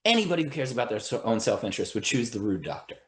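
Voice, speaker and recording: A man with a mid-range, fairly bright voice races along in a sing-song manner, his sound roomy. As an attorney and mediator guesting on a podcast, he earnestly explains his ideas, repeatedly asking "right?" and restarting his thoughts.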